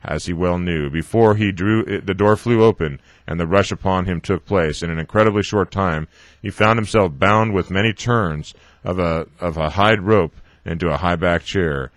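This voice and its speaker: Give me a deep-voiced man reading a novel aloud haltingly, with a dry close sound. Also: no echo. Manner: halting, with frequent stumbles and self-corrections. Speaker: reader.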